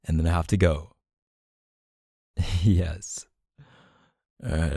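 A man's voice: low voice, steady tone, slow pace, long pauses, warm tone, breathy edge, no echo, clean studio sound. A man doing an audio role-play as a boyfriend, teasing and affectionate and laughing often.

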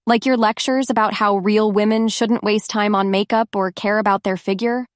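A woman reading the lines of a calm, firm wife who speaks softly and with composure. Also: mid-range voice, normal speed, no room sound, studio quality, lightly acted. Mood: gentle firm. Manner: soft, composed and reassuring. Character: calm, firm older woman reforming her husband.

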